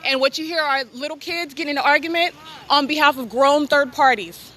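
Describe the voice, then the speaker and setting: At night in a motel parking lot, a woman narrates in real time as she films on a handheld phone, sounding insistent and repetitive with clipped phrasing. Her voice sits high and a bit bright, and she talks a little fast. The audio quality is poor.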